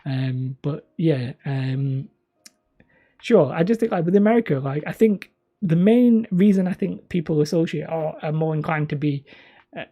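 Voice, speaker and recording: A man's voice: fairly high pitch, animated, normal speed, dull audio. A man in his thirties, hosting a hobby channel and chatting casually with live viewers in a rambling, self-mocking way. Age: 30s. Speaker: hobby terrain channel host.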